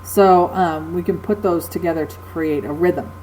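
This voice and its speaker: A woman teacher talks through a recorded lecture in a low, mellow voice. She explains patiently and fills pauses with ums and uhs, and a faint hum sits under her voice. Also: fairly even intonation, rough recording. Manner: explains patiently with frequent fillers.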